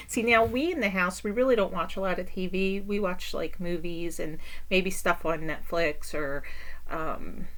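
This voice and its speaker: A middle-aged woman telling stories from her life as a caretaker and parent in a casual vlog, with exaggerated, animated asides and frequent laughter. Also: mid-range voice, vocal fry, background noise.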